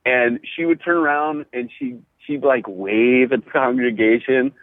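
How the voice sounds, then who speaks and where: A middle-aged man, a pastor and podcast host, telling stories in casual chat, animated and full of "you know" and restarts. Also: medium pitch, a little slow, no echo. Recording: tinny phone-like line, dry.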